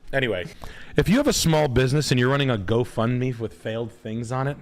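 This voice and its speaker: A man hosting a casual podcast, ranting bluntly and profanely and sometimes jumping into a shout. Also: medium pitch, fairly quick. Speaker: podcast host.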